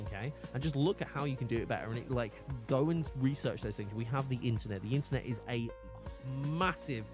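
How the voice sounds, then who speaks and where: A man's voice: mid-range voice, very animated, fast talker, over music. A man streaming live, chatting casually and animatedly, often restarting and laughing.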